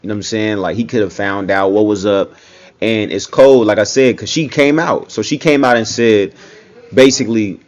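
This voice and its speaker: A man's voice: lowish voice, fairly even intonation, moderate pace. A young man giving casual reaction commentary, talking loosely and often saying "you know what I'm saying.".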